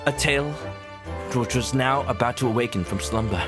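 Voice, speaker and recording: A man's voice: mid-range voice, fairly quick, loud music behind the voice, lightly acted. A man voicing an earnest young male law student who speaks English with a light Japanese accent. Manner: earnest, formal.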